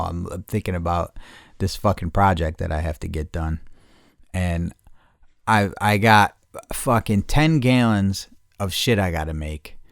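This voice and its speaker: Deep-voiced man telling a profane story. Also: no room sound, studio quality. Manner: profane, restless, repeats himself. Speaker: podcast host. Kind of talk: casual rambling storytelling.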